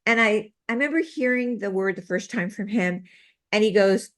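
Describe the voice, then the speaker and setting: A woman's voice: medium pitch, moderate pace. A woman guest in an interview, telling a personal story in an earnest, matter-of-fact way that rambles with restarts and run-on sentences. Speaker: guest, medical intuitive and healer.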